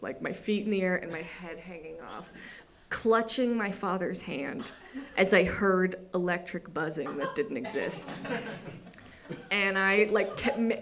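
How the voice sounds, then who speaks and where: A woman's voice: mid-range voice, a bit bright. A young adult woman doing stand-up comedy, with a wry, self-deprecating delivery and acted-out quotes. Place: comedy theater stage before a live audience. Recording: live room with audience noise. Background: audience laughter.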